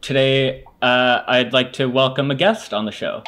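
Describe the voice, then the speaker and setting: A man co-hosting a casual podcast chat, laid-back and halting, with many fillers. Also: mid-range voice, steady tone, fairly bright tone. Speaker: podcast co-host.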